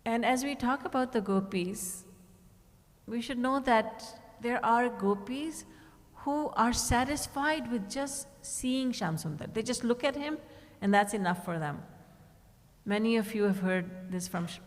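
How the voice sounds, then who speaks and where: In a retreat hall with a big-room sound, a woman spiritual teacher speaks a little slowly in a voice on the high side. Her devotional discourse is built on stories, and she voices the characters' words with shifts in tone.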